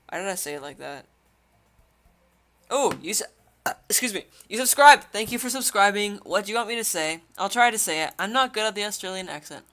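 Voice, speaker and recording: A woman's voice: mid-range voice, bright, forceful tone. A young woman streaming a game, casually chatting with her viewers, often giggling and reacting to chat. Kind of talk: casual gaming livestream.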